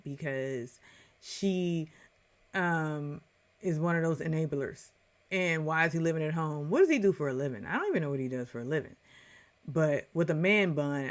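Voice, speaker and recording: Opinionated woman ranting casually. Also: low-pitched. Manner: opinionated, animated, puts on voices when quoting. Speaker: reality show commentator. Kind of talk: casual rant.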